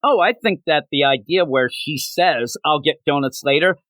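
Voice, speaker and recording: Animated man chatting about comics. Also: a little high, dry recording. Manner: animated, acts out characters in quick bits, laughs often. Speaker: comic book reviewer, co-host. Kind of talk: casual podcast chat.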